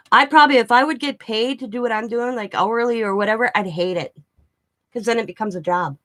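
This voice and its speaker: Woman, middle-aged, somewhat high voice, chatty, rambling, laughing a lot, craft vlog. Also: fairly bright tone. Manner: rambling, chatty, laughs often, restarts sentences. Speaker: craft vlogger. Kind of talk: casual storytelling chat.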